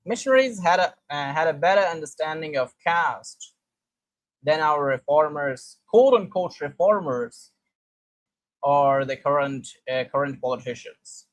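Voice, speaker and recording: A man's voice: on the high side, lively intonation, dry recording, poor audio. A man who reads old historical sources aloud and comments on them, stumbling often and restarting words as he goes. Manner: halting, with frequent restarts and fillers while reading.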